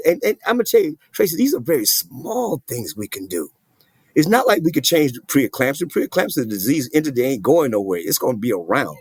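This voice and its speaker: A man's voice: medium pitch, darkish tone, husky, no echo. A middle-aged man, a doctor, speaking earnestly and emphatically as a guest in an interview. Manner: earnest, emphatic, plain-spoken. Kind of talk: interview conversation.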